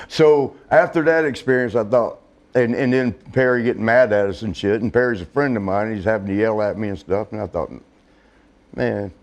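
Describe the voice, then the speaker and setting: A middle-aged man telling a casual story, laughing often and swearing, acting out quotes in a higher voice. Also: moderate pace. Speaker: interview guest.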